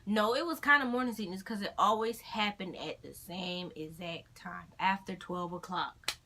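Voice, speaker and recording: A young woman telling a personal story in a casual vlog, animated, acting out the voices of others. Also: moderate pace. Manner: animated, acts out her own crying in high-pitched quotes. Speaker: vlogger. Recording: faint background noise.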